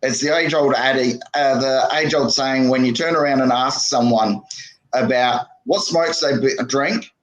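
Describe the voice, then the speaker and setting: An Australian man chatting casually on a podcast, talking haltingly with many fillers. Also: medium pitch, a little hiss or hum, poor audio.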